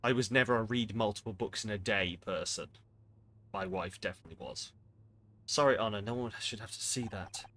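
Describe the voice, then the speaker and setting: A man's voice: fairly low pitch, a little fast, a bit bright. Sweary man streaming a game. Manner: blunt, sweary, rambling asides. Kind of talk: casual gameplay commentary.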